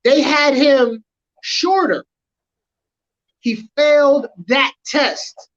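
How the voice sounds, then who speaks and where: High-voiced woman spinning a story. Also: muffled recording. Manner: animated, drawn-out storytelling with slang. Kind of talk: casual podcast chat, storytelling.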